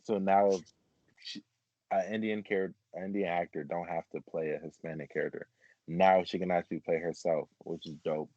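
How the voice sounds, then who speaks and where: Male host, very deep, rambling casual chat, lo-fi dull recording. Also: steady tone, normal speed, darkish tone, no room sound. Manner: rambling, filler-heavy, laughs often. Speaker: podcast host.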